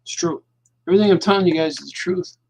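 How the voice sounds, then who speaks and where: A gravelly, high male voice with a breathy edge talks fast. He's a cartoonist hosting his own show, chatting casually to viewers at home at night while he draws, rambling and repeating himself as his thoughts drift.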